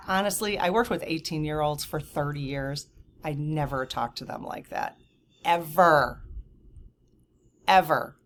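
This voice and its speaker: Low-voiced woman in her fifties, exasperated. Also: slight background noise. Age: 50s. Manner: animated, exasperated, frequent asides and quoted dialogue. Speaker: channel host. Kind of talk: casual storytelling vlog.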